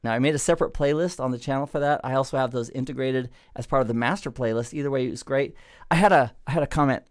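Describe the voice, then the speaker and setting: A middle-aged man giving a relaxed, chatty networking lesson over a screen recording, with playful digressions. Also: medium pitch, fast. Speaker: network instructor. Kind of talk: screen-recorded tech tutorial.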